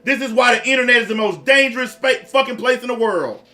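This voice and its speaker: High-voiced ranting male commentator. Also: quick pace, pushed and bright. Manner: profane, blunt, repetitive ranting.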